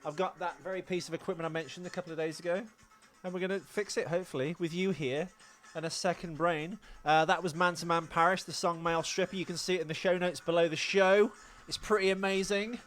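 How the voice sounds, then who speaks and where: Man, podcast host, rambling joking chat, fairly high voice, studio mic, faint music behind. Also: steady tone, fast, fairly bright tone. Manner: chatty, joking, rambling with restarts. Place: studio with a sound desk. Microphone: professional studio mic.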